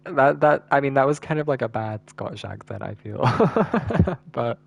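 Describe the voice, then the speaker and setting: A man's voice: mid-range voice, lively intonation, unhurried, creaky, slightly rough. A male streamer giving casual gameplay commentary, thinking aloud and repeating words as he works things out.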